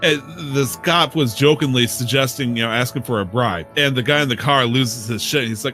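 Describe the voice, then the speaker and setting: A man's voice: mid-range voice, a little fast, few pauses, pushed and bright, faint music behind. A man co-hosting a podcast, telling rambling, profane stories with frequent laughs in a casual chat. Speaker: podcast co-host.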